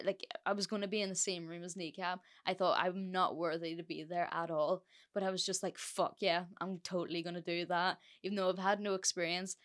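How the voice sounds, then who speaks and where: A young woman hosting a solo podcast, telling a story in a chatty, sweary way with lots of fillers. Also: mid-range voice. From Ireland. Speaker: podcast host.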